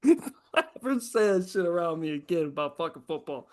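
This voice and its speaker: A man hosting a casual podcast chat, talking in a profane, excitable, ranting way. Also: fairly high pitch, normal speed. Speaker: host.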